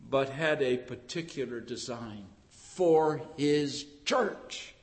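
A man preaching a sermon with fervent emphasis that builds to loud, emphatic peaks. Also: mid-range voice, takes it slowly, few pauses, long reverb tail.

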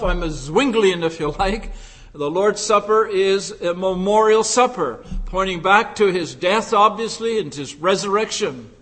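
A man preaching a sermon in an earnest, emphatic way, with frequent pauses and fillers. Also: high voice, fairly bright tone. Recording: long hall reverb.

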